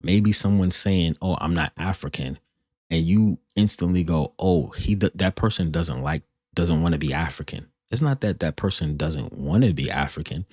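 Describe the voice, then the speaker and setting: A man's voice: low voice, moderate pace, a little mellow, dry recording, clean studio sound. A man hosting a reaction video, arguing emphatically and restarting his sentences as he makes his point. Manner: emphatic, repeats himself and restarts while arguing. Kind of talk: commenting on a played podcast clip.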